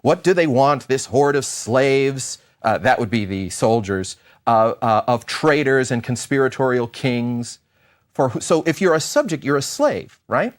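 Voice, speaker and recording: Middle-aged male professor, lively pitch, theatrical lecture delivery with playful asides. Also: measured pace. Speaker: history professor. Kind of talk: university lecture.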